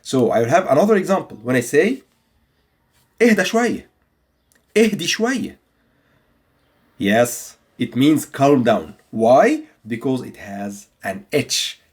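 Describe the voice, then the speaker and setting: A man teaching a video language lesson, repeating example phrases slowly and patiently for learners. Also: mid-range voice, animated, a little mellow, breathy edge. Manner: patient, instructive delivery.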